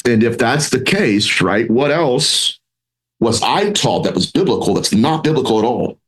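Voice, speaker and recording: A man speaking as a guest in a podcast interview, animated and rambling with restarts, acting out quoted voices as he talks. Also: medium pitch, unhurried, poor audio. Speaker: paranormal researcher and author, podcast guest. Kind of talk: conversational interview.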